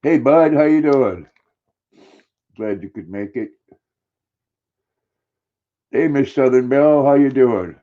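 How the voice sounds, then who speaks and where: An older man chatting casually on a live stream, greeting viewers by name and cooing softly to his dog. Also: mid-range voice, slow, pauses often, lo-fi sound.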